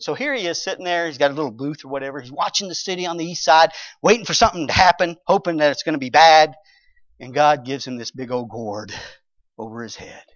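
A man's voice: fairly high pitch, very animated, a little fast, fairly bright tone, no echo. A man preaching a sermon, reading scripture and retelling it animatedly, acting out characters and chuckling. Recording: dull lo-fi recording.

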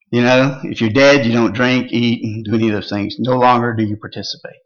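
A man preaching an evening sermon, reading old-style scripture and then restating it plainly. His voice sits a little high and has a bright, forceful edge. The recording sounds dull and lo-fi, and his talk is dotted with "uh" fillers. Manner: explains scripture verse by verse, with frequent "uh" fillers. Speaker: pastor.

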